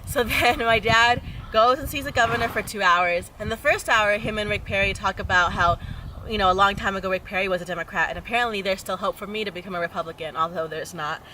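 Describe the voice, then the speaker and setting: Woman, young adult, state legislator, interview storytelling, animated, acts out quoted voices, bright tone, faint background noise. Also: medium pitch, quick pace, low-quality recording.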